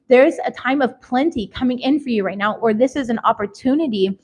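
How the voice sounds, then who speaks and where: Candid, high-voiced tarot reader woman. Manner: candid and emphatic, swears freely, calls viewers baby. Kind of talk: casual tarot reading monologue.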